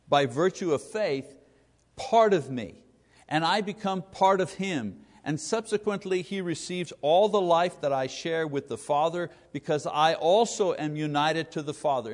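A man giving a Bible teaching sermon, emphatic and conversational, putting questions to his listeners. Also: a little high. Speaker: preacher. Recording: long hall reverb.

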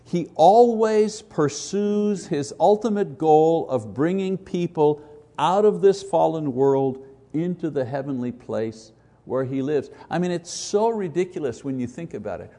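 A man's voice: fairly high pitch, dark tone. A man teaching an informal Bible lesson in a conversational way, with frequent restarts and rhetorical questions.

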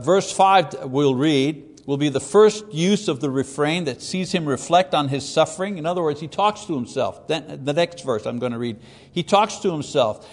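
Man teaching scripture in a reverberant hall. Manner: conversational, acts out quoted voices with rising pitch. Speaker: preacher teaching a Bible lesson. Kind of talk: expository Bible teaching.

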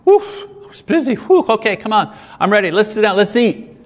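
A man's voice: sits high, big pitch swings, voice pushed up. A man voicing a breezy husband who shows up late for dinner and waves off the problem. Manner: brushing things off, upbeat and hurried. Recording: long hall reverb.

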